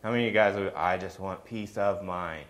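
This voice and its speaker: A man's voice: deep voice, fairly quick, fairly bright tone. A middle-aged man preaching a sermon in a conversational way, often asking the congregation questions.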